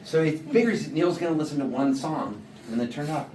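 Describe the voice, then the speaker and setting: A man's voice: fairly high pitch, brisk. Laid-back man telling a rambling comic story. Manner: laid-back, laughing, quotes people in voices. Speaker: singer-songwriter telling a story on stage. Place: small showcase room, live audience. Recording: roomy live room, mic at a distance, background noise.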